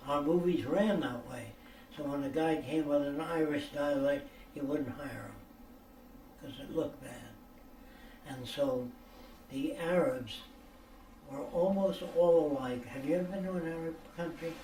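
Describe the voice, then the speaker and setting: The recording has a little hiss or hum, an echoey sound, a distant mic, and faint ambience. In a private question session, an older American man with a dark, fairly high voice speaks a little slowly, telling rambling, lecture-like stories bluntly and profanely while often checking listeners understand.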